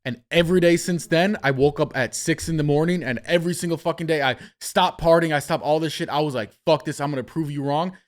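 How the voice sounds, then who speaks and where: A young man hosting a podcast, telling a story in a casual, animated way, swearing freely and acting out what people said. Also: fairly high pitch, fast talker, few pauses. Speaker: podcast host.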